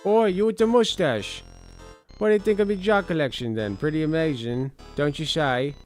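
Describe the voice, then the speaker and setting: A man's voice: a little high, normal speed, darkish tone, faint music behind, voice pushed up, lightly acted. A man voicing a boastful male ghost jar collector who taunts the player in a put-on working-class brogue. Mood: taunting.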